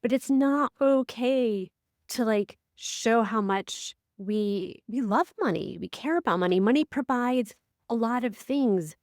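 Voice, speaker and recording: Animated woman podcast host. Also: a little slow, dry recording, studio quality. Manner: animated storyteller, acts out quotes with big pitch swings. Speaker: podcast co-host and life coach. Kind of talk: casual podcast chat.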